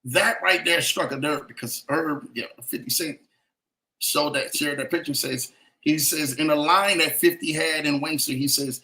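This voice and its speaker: A man's voice: a little high, moderate pace, bright, forceful tone. A man hosting a motivational podcast, talking emphatically and repeating phrases for effect, with a preachy, keeping-it-real manner. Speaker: podcast host.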